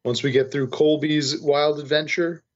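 A man's voice: fairly high pitch, fairly even intonation, moderate pace. Rambling man on a slightly dull mic. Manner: rambling, filler-heavy, wry. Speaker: podcast co-host. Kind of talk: casual podcast chat.

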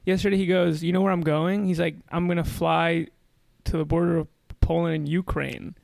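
A man's voice: on the high side, level tone, moderate pace, creaky, darkish tone, no echo. A young man co-hosting a podcast, chatting casually and telling stories with laughs. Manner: laughing, storytelling. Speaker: podcast co-host. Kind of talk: casual chat.

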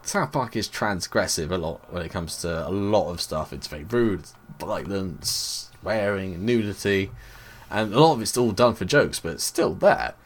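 Low-voiced British man in casual chat. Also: expressive, normal speed. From Britain. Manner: chatty, opinionated, with frequent filler words. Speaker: podcast co-host. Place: Bristol.

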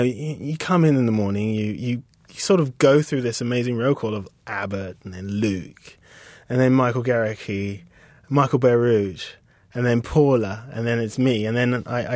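A British man in his thirties, a designer being interviewed, speaking reflectively and haltingly with many restarts. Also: mid-range voice, darkish tone, no echo. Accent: British English. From England. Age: 30s. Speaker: guest designer. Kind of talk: casual interview conversation.

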